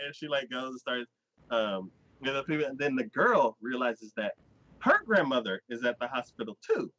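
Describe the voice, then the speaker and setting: A man hosting a casual podcast chat, recapping a story with lively energy and acting out the characters' lines. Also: mid-range voice, normal speed. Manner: animated storyteller who acts out characters' lines in quoted voices. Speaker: podcast host. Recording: dull, dry lo-fi recording.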